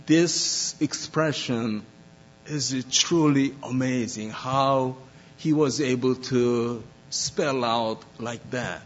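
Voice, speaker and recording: Slow, husky-voiced man preaching. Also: mid-range voice, muffled recording. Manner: slow and deliberate, many filler pauses. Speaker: pastor. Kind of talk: sermon.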